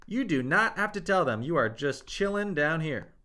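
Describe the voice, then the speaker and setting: A man's voice: fairly high pitch, animated, normal speed, sharp tone. A young man teaching Mandarin on a livestream, reading chat comments and coaching with enthusiastic, hyped-up energy.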